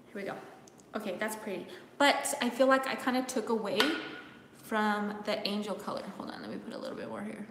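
A woman's voice: brisk, background noise. A woman chatting playfully through a makeup tutorial, teasing viewers and slipping in. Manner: playful, teasing, bursts into laughter and high sing-song bits. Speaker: makeup vlogger. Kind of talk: casual makeup tutorial chat with live comments. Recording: echoey room with long reverb.

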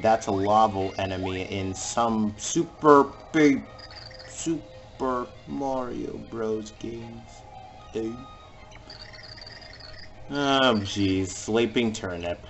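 A man giving jokey let's-play commentary over a video game and reacting with sudden loud exclamations. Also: medium pitch. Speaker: gamer playing through a video game.

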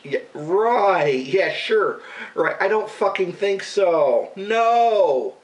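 A man's voice: sits high, expressive, drawn-out words, distant mic, low-quality recording. A man ranting casually, rambling and swearing, with an exasperated, disbelieving manner. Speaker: radio show regular and vlogger. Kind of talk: casual profane rant to camera.

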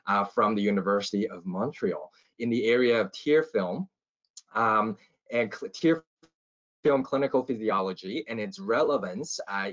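A man's voice: fairly low pitch, a bit bright, highs cut off. A man hosting a podcast, speaking loosely with many fillers and restarts. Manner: loose, hesitant, many fillers, laughs easily. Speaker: podcast host, eye doctor. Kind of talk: casual introduction and chat.

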